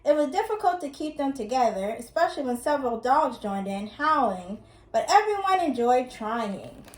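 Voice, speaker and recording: Calm woman reading a kids' story. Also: sits high, moderate pace. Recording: roomy echo.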